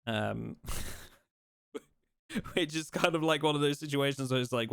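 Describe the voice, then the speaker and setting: A man streaming a game live, chatting casually in a relaxed, rambling way and teasing his chat. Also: a little high, unhurried, creaky, long pauses, clean tone, no room sound, clean studio sound.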